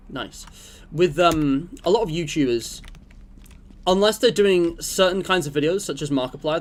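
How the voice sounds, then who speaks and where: A young man with a fairly high-pitched voice streams a game amid slight background noise. His talk is casual gameplay chat, rambling and jokey, aimed at his viewers as he plays.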